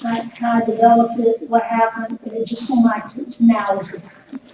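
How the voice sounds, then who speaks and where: A woman giving a lively workshop talk to an audience, chatty and direct, often repeating her words. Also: fairly high pitch, moderate pace. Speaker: workshop speaker. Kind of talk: lively workplace wellness talk. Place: large room before an audience. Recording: echoey hall recorded from far off with noise.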